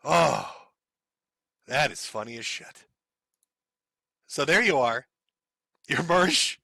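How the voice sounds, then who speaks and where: A man's voice: mid-range voice, lively intonation, takes it slowly, creaky, sharp tone, husky, no room sound. A middle-aged man hosting a live stream, giving sarcastic, mocking commentary on a clip and laughing often. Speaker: streamer host.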